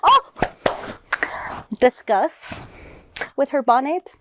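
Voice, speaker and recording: Playful high-voiced young woman guest. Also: big pitch swings, a bit bright, dry recording. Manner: playful, quick jokes, mixes in Spanish. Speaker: podcast guest. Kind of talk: casual chat.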